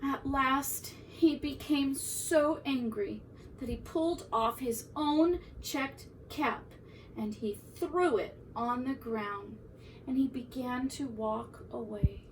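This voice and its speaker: Teacher lady reading a kids book slow and lively, mic kinda far off. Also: sits high, slight background noise. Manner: expressive, animated storytelling. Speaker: preschool teacher. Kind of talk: reading a picture book aloud.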